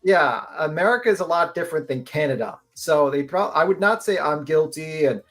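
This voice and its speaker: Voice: medium pitch, expressive, fairly quick, a bit bright. A panelist on a live audio stream, talking casually and profanely with lots of fillers like "like" and "uh".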